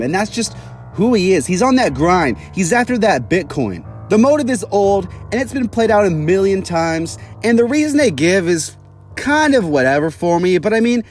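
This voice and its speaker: Chatty young man reviewing game villains. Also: sits high. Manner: casual, chatty, opinionated. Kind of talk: casual video review.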